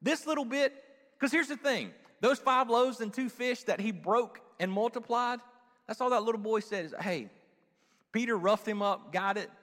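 A man pastor preaching a sermon, animated and humorous, with playful asides. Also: very high-pitched, moderate pace, long reverb tail.

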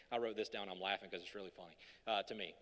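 Male pastor, sermon at a podium, casual and joking, then emphatic; bright voice, long hall reverb. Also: sits low, fairly even intonation, fairly quick. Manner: conversational and joking, building to emphatic peaks. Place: church hall.

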